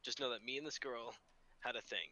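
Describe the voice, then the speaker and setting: A teenage man hosting a casual podcast and telling a story in an animated way, swearing freely. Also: mid-range voice, brisk. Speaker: podcast host.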